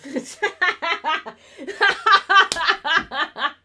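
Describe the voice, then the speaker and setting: A woman's voice: very high voice, very slow, bright, forceful tone, slight background noise. A young woman streaming a game, chatting casually in a rambling, sarcastic and profane way, laughing often. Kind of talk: casual chat while gaming on stream.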